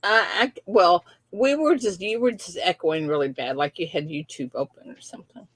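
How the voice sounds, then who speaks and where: A woman's voice: fairly low pitch, normal speed, no room sound. An older woman hosting a casual livestream chat, chatty and laughing as she fusses with her settings. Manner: chatty, laughing, fussing with tech. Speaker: livestream host.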